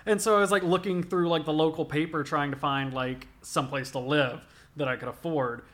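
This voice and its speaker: A man's voice: fairly high pitch, fairly even intonation, a little fast, fairly bright tone. A young man, a body piercer, telling stories casually in an interview, swearing a lot and filling with "like". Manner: profane, rambling, many "like" fillers.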